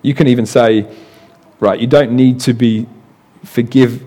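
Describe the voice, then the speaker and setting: A man's voice: mid-range voice, steady tone, a little slow, pauses often, mellow. A man preaching a sermon in a conversational way, often adding "right" and repeating words as he explains.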